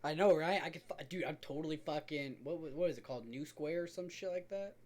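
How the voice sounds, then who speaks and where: A man's voice: on the high side, fast, darkish tone. A young man co-hosting a podcast, chatting casually, swearing a lot and telling stories with laughter. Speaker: podcast co-host. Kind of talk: casual chat.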